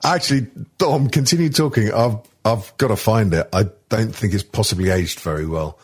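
A man co-hosting a comedy podcast, talking in a halting way with lots of ums, restarts and swearing. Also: lowish voice, husky. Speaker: podcast co-host. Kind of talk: casual comedy chat.

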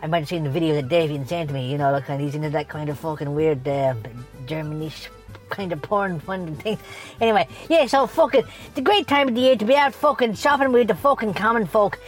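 A woman's voice: fairly low pitch, brisk, soft background music, lightly acted. A woman playing a foul-mouthed, bitter man who rants and swears constantly for a comedy podcast. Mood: scornful. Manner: swears constantly, scornful ranting.

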